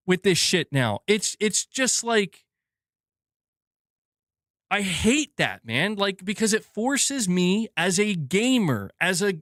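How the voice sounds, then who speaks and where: A man's voice: high-pitched, sing-song, moderate pace, a bit bright, dry recording, studio quality. Fired-up man ranting about games. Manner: exasperated, swears often, restarts sentences, mocks with put-on quotes. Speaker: gaming channel host. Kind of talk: heated solo rant.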